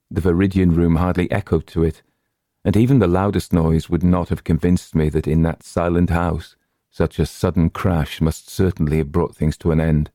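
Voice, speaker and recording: A man narrates a horror tale in a hushed, measured way, lingering on the chanted rhyme lines. His voice sits very low with a warm, dark tone. The recording is dry and close, with no room sound. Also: dry recording. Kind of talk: storytelling reading of a horror tale.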